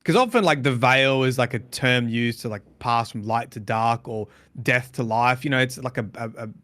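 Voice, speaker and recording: A man co-hosting a casual podcast, thinking out loud with many fillers and restarts. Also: medium pitch, normal speed, no echo. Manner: speculative, hedging with fillers. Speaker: podcast co-host. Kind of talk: casual chat.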